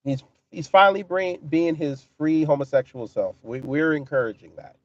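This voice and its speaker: A man's voice: on the high side, expressive, normal speed, no echo, lo-fi sound. A man hosting a casual livestream, talking in a profane, mocking way and answering his chat. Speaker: livestream commentary host.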